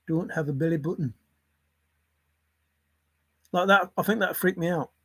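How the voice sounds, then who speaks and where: A man's voice: on the high side, moderate pace, bright, forceful tone, husky, dry recording. A man, musing aloud on his own in a playful, rambling way, jumping between silly word associations.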